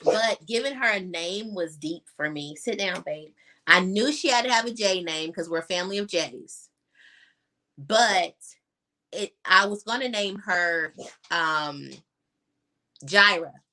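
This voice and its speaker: Her voice sits lowish, unhurried, pushed and bright. She's a young adult guest on a video call, candidly recounting her personal story with lots of fillers and occasional moments where she chokes up.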